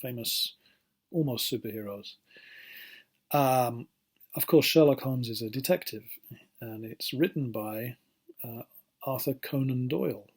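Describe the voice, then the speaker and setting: Husky-voiced male teacher. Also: medium pitch, darkish tone. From England. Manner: chatty, rambling, self-correcting, playful. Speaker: English teacher. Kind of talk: casual recorded classroom lesson.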